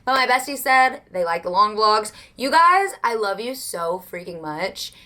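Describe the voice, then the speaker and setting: A woman's voice: mid-range voice, expressive, measured pace, pushed and bright. A young woman with a Southern US accent, chatting casually and rambling at home as a book vlogger, gushing and self-deprecating.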